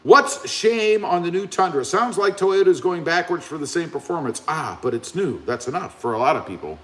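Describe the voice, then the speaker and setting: Lively, animated man hosting a stream. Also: a little high, fairly quick. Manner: chatty, reads viewer comments aloud. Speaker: live stream host. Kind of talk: casual live stream chat.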